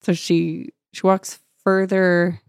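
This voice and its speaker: A woman's voice: on the low side, little pitch movement, slow, vocal fry, darkish tone, smooth, dry recording, studio quality. A woman co-hosting a casual chat recapping a book, sarcastic and playful, laughing often.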